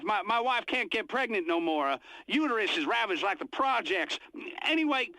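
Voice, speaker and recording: An actor playing a hapless sports dad calling into a radio show, stammering and hesitant. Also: male voice, very high voice, pushed and bright, no room sound, exaggerated voice, rough recording.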